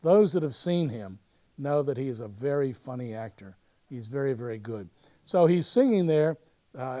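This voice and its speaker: A local theatre society historian with a medium-pitched voice narrates over show footage. He's chatty and halting, full of fillers and restarts, but livens up when telling a story.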